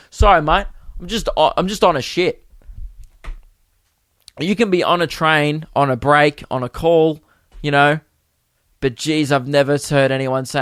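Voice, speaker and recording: A young man hosting a podcast, telling a comic story with animated, exasperated delivery and putting on voices for the people he quotes. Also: fairly high pitch, clear, resonant tone, dry recording. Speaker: podcast host. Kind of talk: comedic storytelling monologue.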